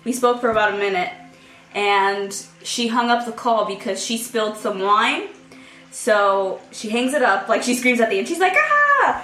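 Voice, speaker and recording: A young woman, a podcast co-host telling a story to friends in a lively way, laughing often and acting out her own thoughts. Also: medium pitch, normal speed, faint music behind. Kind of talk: casual storytelling among friends. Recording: roomy echo.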